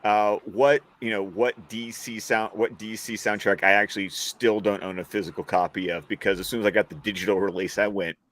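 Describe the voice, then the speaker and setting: A man's voice: on the low side, a little fast, few pauses. A man joining a live stream as a guest, chatting casually and rambling with frequent laughs. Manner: animated, rambling, laughs often. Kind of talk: casual chat among friends.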